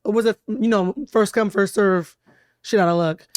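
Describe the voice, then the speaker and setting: Hoarse woman, podcast host, casual chat, expressive storyteller, dry studio sound. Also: medium pitch, normal speed, no echo. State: hoarse from laryngitis. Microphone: studio mic.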